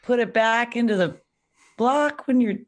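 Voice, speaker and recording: A woman's voice: a little high, measured pace, a little hiss or hum. A woman joking and giggling on a comedy podcast. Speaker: panelist.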